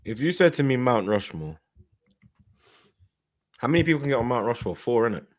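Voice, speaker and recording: A man's voice: mid-range voice, a little fast. A young man hosting a casual fan stream, reading out chat and telling stories with lots of slang and laughter. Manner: animated storytelling with slang, laughing, mimicking voices. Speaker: fan channel host.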